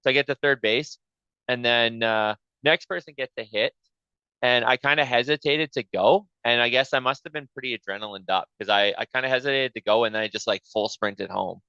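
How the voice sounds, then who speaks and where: A man's voice: medium pitch, fairly quick, clean tone, dry recording, dull audio. A man hosting a podcast, telling a story in a casual chat and swearing freely as he acts out the back-and-forth. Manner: profane, animated retelling with quoted back-and-forth. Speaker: podcast host.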